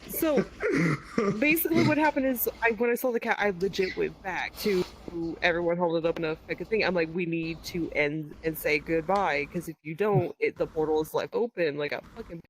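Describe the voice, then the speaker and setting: A woman guest on a podcast, telling a story in a casual, profane, animated way and quoting dialogue. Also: lowish voice, fairly quick, slight background noise, poor audio.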